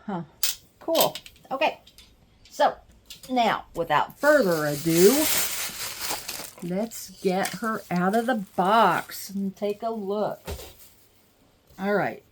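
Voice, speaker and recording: Slow-talking excitable woman vlogger. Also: medium pitch, noisy background. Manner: gushing, excitable, chatty with viewers. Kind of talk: casual unboxing vlog.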